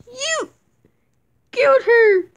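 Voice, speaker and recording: Shrill scolding toy engine, voiced by a woman. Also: animated, measured pace, slight background noise, exaggerated voice. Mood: accusing. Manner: shrill and accusing. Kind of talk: toy play-acting with voices.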